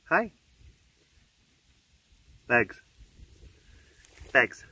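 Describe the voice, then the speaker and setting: A man's voice: fairly high pitch, expressive, extremely slow, sharp tone, a little hiss or hum. A man hosting a casual walking vlog outdoors at an animal compound, playfully cooing at the cats as he goes. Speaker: vlog host at a big cat facility.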